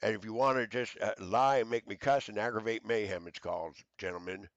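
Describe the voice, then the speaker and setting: A man's voice: fairly low pitch, steady tone, fairly quick, dry recording, dull audio. A man in an angry, profane rant to camera, stammering through fillers and hurling accusations. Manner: shouting accusations, stammering fillers, heavy cursing.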